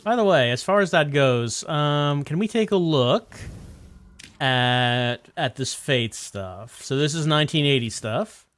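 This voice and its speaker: A man's voice: on the high side, lively intonation, unhurried, a bit bright. A man streaming a video game, chatting casually and musing aloud as he reads game text.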